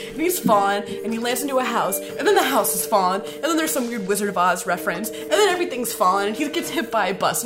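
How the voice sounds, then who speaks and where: A young woman casually recapping a film plot, giggling, rambling and swearing freely as she goes. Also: a little high. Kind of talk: casual chat.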